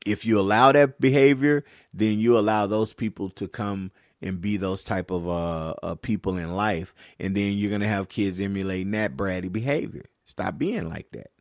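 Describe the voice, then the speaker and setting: A man hosting a casual podcast monologue as a youth basketball coach, talking candidly and telling stories, getting animated when riled up. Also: fairly low pitch, moderate pace, hardly any pauses, dry recording, studio quality. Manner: slips into casual Southern-leaning American speech (y'all, ain't).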